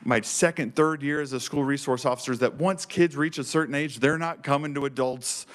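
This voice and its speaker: A man's voice: medium pitch, fairly even intonation, brisk. A man giving emotional, fervent testimony to a legislative committee as a program director, speaking with earnest enthusiasm. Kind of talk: passionate public testimony. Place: state legislature committee room.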